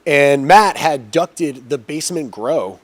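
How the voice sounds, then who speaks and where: A man's voice: fairly high pitch, animated, slow, no echo. Dry, profane male storyteller. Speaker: podcast guest. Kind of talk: casual storytelling.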